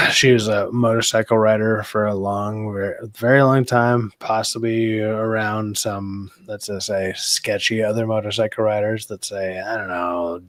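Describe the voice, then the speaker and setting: A man's voice: on the low side, a bit bright, no room sound. A man hosting a stream, chatting casually with guests, rambling, swearing freely and laughing often. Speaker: streamer host. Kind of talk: casual chat.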